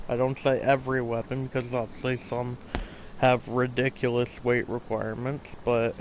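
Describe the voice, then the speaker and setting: A man's voice: medium pitch, little pitch movement, moderate pace, a little hiss or hum. A man casually narrating over his gameplay, rambling and a little tired, swearing now and then. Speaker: gaming channel host. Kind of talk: casual gameplay voiceover commentary.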